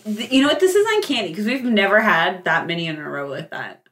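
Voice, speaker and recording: A woman co-hosting a podcast in casual chat, playful and quick to laugh. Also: mid-range voice, lively intonation, fairly bright tone. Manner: laughs easily, playful banter. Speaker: podcast co-host.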